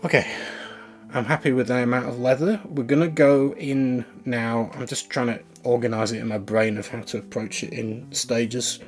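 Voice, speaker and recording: A man's voice: medium pitch, steady tone, normal speed, soft background music. A man chatting casually on a live stream as he works, thinking aloud and talking to his viewers.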